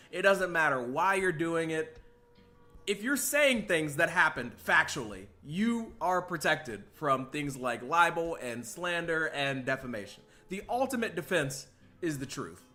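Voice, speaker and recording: A bright, high-pitched male podcast host talking through his reactions, his pitch swinging widely as he restarts sentences and breaks into laughter. It is loose, animated commentary. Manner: animated, laughs often, many filler restarts.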